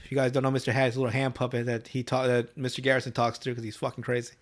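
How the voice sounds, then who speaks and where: A man co-hosting a podcast, recapping a cartoon episode in animated, profane casual chat. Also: medium pitch, very fast. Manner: animated, profane, laughing storyteller. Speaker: podcast co-host.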